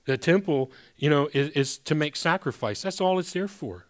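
Man preaching with hushed, emphatic turns. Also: fairly high pitch, lively intonation, normal speed. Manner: conversational preaching with sudden emphatic rises and hushed drops; addresses congregation as brothers and sisters. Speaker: pastor. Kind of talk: sermon.

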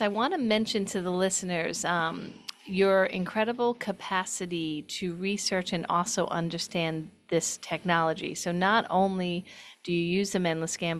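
A woman with a New York accent, from New York, hosting a nutrition show and chatting with her guest in an enthusiastic, playful way. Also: lowish voice. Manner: enthusiastic, praising, playful teasing. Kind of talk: casual health chat.

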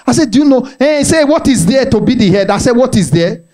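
A man's voice: extremely high pitch, brisk. A Nigerian man with a Nigerian accent doing stand-up, telling a family story and acting out its voices with pidgin mixed in. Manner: animated, mixes in Nigerian pidgin, acts out the voices in his stories. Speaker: stand-up comedian.

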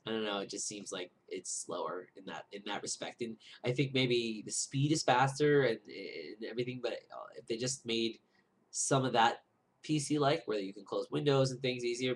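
A vlogger with a fairly low male voice rambles casually to his viewers while eating lunch, full of fillers and restarts. There's slight background noise.

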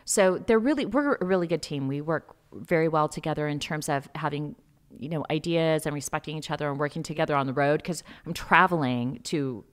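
A woman's voice: sits low, a little fast. A woman guest on a talk show, an investigative journalist telling stories in an earnest, emphatic way. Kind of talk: casual interview chat.

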